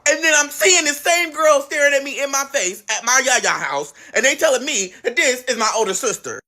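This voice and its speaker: A man telling a family story in a casual storytime chat, acting out what relatives said with big jumps in pitch. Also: lively intonation, fairly quick, sharp tone. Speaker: guest storyteller.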